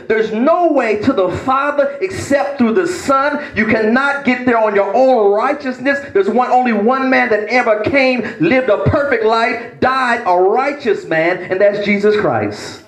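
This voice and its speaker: Man, pastor, sermon, high voice, emphatic, echoey church. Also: lively intonation, measured pace, few pauses. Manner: emphatic, dramatic swings between low and raised delivery.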